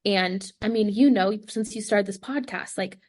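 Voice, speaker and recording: On a casual podcast, a young professional dancer recounts her story with lots of animation and plenty of "like," imitating the voices of the people she quotes. She speaks in a mid-range voice at a moderate pace.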